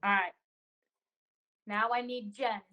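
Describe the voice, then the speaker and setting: A woman improviser retelling a story in an animated, playful way over a video call. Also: mid-range voice, slow pace, dull audio.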